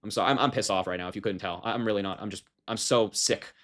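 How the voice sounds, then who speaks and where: A man's voice: lowish voice, fast talker, fairly bright tone. A man reading a news story aloud and commenting on it with indignant, sarcastic emphasis. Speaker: political commentator.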